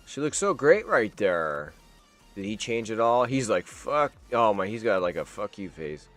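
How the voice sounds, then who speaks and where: A man's voice: lowish voice, big pitch swings, normal speed, a bit bright, faint music behind. A man hosting a live stream, reacting to news in a rambling, wisecracking way and swearing freely. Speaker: streamer host.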